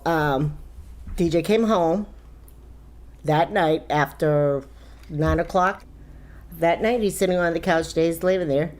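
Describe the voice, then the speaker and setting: A middle-aged woman speaks in a somewhat low voice, telling a painful family story in an interview. She acts out what each person said, her tone rising sharply in the quoted lines. Her talk is conversational and emotional. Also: darkish tone. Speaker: bereaved mother.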